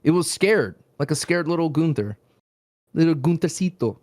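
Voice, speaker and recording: A man co-hosting a podcast in casual chat, his pitch jumping all over as he jokes around. He is playful and animated, now and then breaking into high shouts. The sound is dry and close, like a podcast mic in a small home studio. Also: moderate pace, dry recording. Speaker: podcast co-host.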